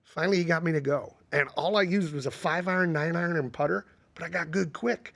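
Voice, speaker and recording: A man's voice: a little high, fairly quick, creaky, fairly bright tone. A man who is a golf coach, a guest on a podcast, telling easygoing anecdotes. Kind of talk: casual podcast chat.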